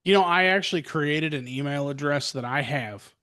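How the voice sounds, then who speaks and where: A man's voice: on the high side, normal speed, sharp tone. A middle-aged man co-hosting a podcast, complaining sarcastically with lots of profanity. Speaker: podcast co-host. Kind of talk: casual chat.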